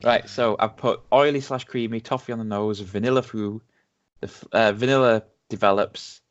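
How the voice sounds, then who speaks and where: Low-voiced man on a muffled recording. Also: normal speed. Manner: reads tasting notes, relaxed. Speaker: podcast co-host. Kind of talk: casual tasting chat.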